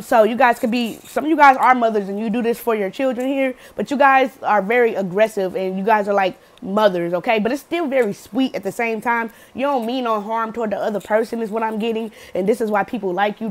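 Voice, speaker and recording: A woman's voice: on the high side, a little fast, few pauses. A woman doing a casual pick-a-card tarot reading, slangy and profane, checking in with the viewer and laughing often. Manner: slangy, cusses freely, laughs often, acts out quotes loudly; says "okay?" often to the viewer.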